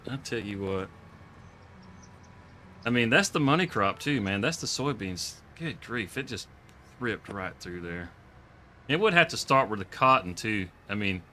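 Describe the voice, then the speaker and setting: A man's voice: on the low side, sharp tone, slight background noise. A man giving live gameplay commentary, joking, laughing often and talking to the game animals. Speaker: streamer.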